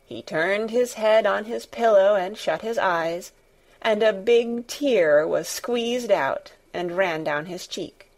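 A woman reading a children's novel aloud at an unhurried pace. Her pitch sits in a middle range, and she tells the story in a measured, expressive way. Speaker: audiobook narrator. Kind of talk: scripted narration.

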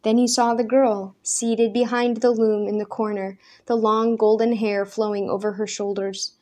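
A woman reading a story aloud in a measured, even narration. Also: medium pitch. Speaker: audiobook narrator. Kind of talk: scripted narration.

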